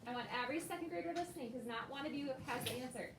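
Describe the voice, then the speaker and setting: A woman's voice: high-pitched, racing. A woman teaching a second-grade class, patiently prompting students by name with questions. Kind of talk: classroom instruction. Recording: echoey classroom, distant noisy mic.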